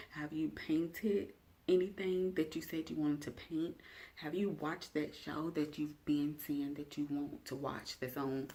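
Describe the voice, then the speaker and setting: A woman's voice: low voice, fairly even intonation, a little slow, dark tone. A young adult woman vlogger talking straight to camera in a casual self-care check-in, chatty and direct, asking her viewers questions.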